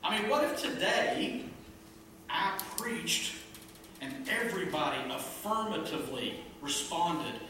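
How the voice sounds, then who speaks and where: A pastor delivering an emphatic sermon to a small congregation, with a bright, forceful voice, peppering the talk with rhetorical questions and playful asides. The sound is very echoey and picked up from a distance, with faint noise underneath. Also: mid-range voice, very animated, slow.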